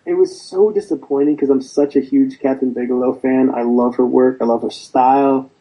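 Blunt, husky-voiced man. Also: medium pitch, fairly even intonation, moderate pace, warm tone, poor audio. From United States. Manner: blunt and profane, storytelling. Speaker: veteran guest. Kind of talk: conversational interview.

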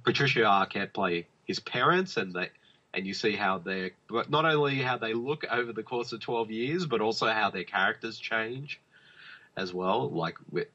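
A man's voice: fairly low pitch, normal speed, bright, forceful tone. A man co-hosting a podcast, rambling about films in casual chat with many fillers and restarts. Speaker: podcast co-host. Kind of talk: casual film review chat. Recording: dull lo-fi podcast audio.

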